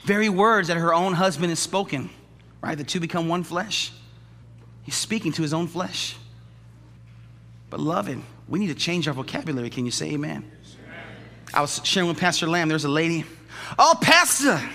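A male pastor preaching a lively, joking sermon in a church, often acting out the people he describes. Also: fairly high pitch, moderate pace, creaky, pauses often. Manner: animated, jokey, acts out quoted voices. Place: church sanctuary. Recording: long church hall reverb.

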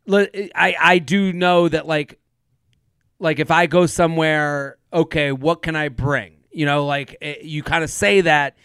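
A man co-hosting a podcast, chatting casually with a smooth, resonant voice pitched a little high. He laughs easily and circles back on himself as he talks. The sound is close and dry. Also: fairly even intonation, a little slow, a bit bright, no echo. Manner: laughs often, rambling with restarts. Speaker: podcast co-host. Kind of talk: casual chat.

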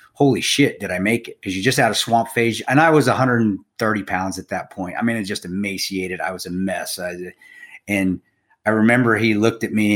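Low-voiced man telling swearing stories. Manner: animated storytelling, swears freely, says bro and dude. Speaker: podcast co-host. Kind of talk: casual chat.

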